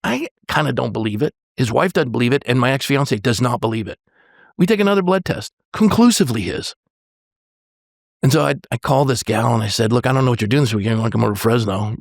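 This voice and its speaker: A man in his sixties, a pastor, telling a personal story on a podcast in an earnest, halting way, often restarting and quoting dialogue. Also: mid-range voice, lively intonation, gravelly, no room sound, studio quality.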